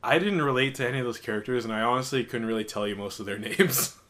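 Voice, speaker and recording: A young man co-hosting a relaxed podcast chat, rambling casually and mimicking scenes. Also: mid-range voice, quick pace. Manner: relaxed, says like a lot, mimics lines. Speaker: podcast co-host.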